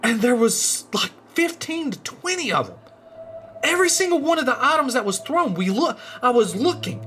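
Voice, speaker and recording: A man's voice: very high voice, moderate pace, faint music behind. A man telling a true scary story in a casual, rambling way, his voice rising and dropping for suspense. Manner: animated, rambling, voice rises and drops with suspense.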